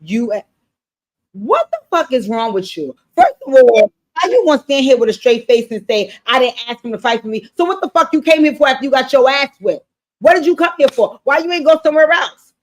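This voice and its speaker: A woman giving a casual recap of a TV episode, animated and blunt, swearing freely and talking straight to her viewers. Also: sits high, a little fast. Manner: animated, blunt and profane, addressing viewers directly. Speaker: TV show recap streamer. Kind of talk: casual show recap commentary.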